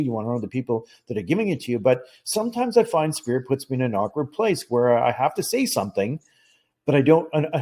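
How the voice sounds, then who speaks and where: A man who is a psychic medium, telling a story as a podcast guest, earnest and animated, acting out the dialogue and often restarting his phrases. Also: medium pitch. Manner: animated, acts out quoted dialogue. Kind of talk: conversational storytelling.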